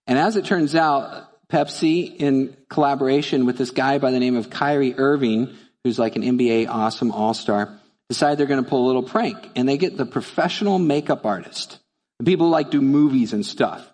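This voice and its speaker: A man's voice: mid-range voice, brisk, a little mellow. Preaching man in a reverberant church. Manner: storytelling, rising to fervent rhetorical questions. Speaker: pastor. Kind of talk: sermon. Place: church sanctuary.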